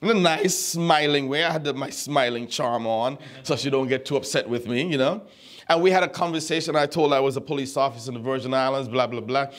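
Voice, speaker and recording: A man's voice: mid-range voice, a little fast. A man pastor giving a conversational teaching sermon, telling stories, repeating words and quizzing the congregation.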